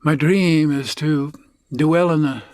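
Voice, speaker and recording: A man's voice: fairly high pitch, a little slow, a little mellow, no room sound, studio quality, close to an everyday voice. A man voicing an earnest, matter-of-fact young woman in her late twenties, an engineering student, in a told story.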